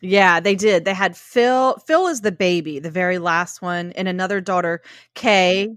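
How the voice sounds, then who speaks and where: A woman's voice: fairly low pitch, moderate pace, fairly bright tone, no room sound, clean studio sound. A woman, co-hosting a casual book chat, gushing and emotional as she calls listeners y'all. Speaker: podcast co-host.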